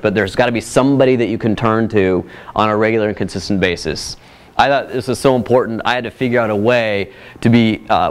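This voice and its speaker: A man presenting at a workshop, telling a personal story in a casual, animated way with frequent asides to the audience. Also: lowish voice, smooth. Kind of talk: casual workshop talk with slides.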